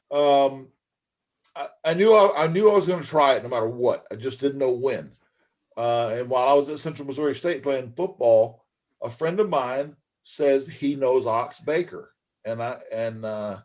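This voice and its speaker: A man's voice: mid-range voice, a little mellow. Folksy middle-aged man telling wrestling tales. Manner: rambling, folksy, says man and brother. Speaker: guest, former pro wrestler. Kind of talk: casual storytelling interview.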